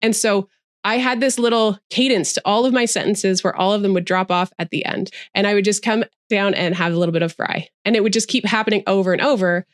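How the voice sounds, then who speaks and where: A woman's voice: mid-range voice, fairly even intonation, a little fast, no echo, clean studio sound. A woman guest who trains presenters, explaining her views articulately in a casual interview over a video call.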